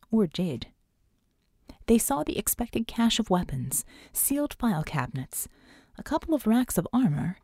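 A woman narrating an audiobook in a steady, even way. Her voice is mellow and dark, and the recording is dry and close with no room sound. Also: mid-range voice, no room sound. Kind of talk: scripted narration.

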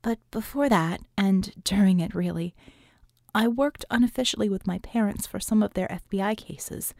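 A woman's voice: mid-range voice, moderate pace, creaky, darkish tone, no room sound, clean studio sound, natural voice. A woman reading an audiobook, voicing a frank, tough young woman mage who talks in a chatty, offhand way.

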